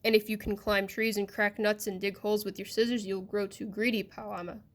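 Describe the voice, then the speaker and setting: A woman voicing a stern, ancient male magician in a storybook reading, speaking in a grave, measured way. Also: medium pitch, flat delivery, lightly acted.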